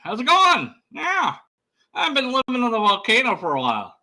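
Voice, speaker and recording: A man's voice: very high-pitched, huge pitch swings, normal speed, pushed and bright, pitched above the performer's own voice, full character voice. A man voicing a casual, breezy male god who rose from a volcano, in a laid-back, chummy tone in a vlog.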